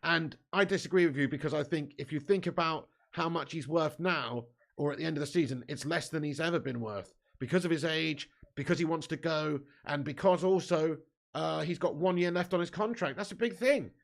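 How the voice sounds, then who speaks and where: A man's voice: a little high, brisk, vocal fry. A man hosting a live football watch-along, reading out viewers' chat comments and bantering with them, laughing often. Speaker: live stream host.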